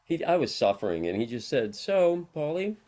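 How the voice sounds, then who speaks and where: A man's voice: fairly low pitch, big pitch swings, quick pace, darkish tone. A middle-aged man talks as a guest on an interview show. He tells long, wandering personal stories in a casual way and laughs often between them. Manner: rambling, anecdotal, laughs often. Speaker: interview guest, harm reduction worker.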